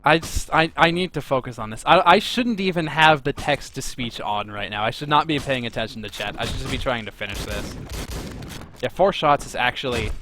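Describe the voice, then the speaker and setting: A man's voice: mid-range voice, expressive, brisk, sharp tone, a little hiss or hum. A man streaming a game live, giving rambling, profane, casual commentary into a desk mic.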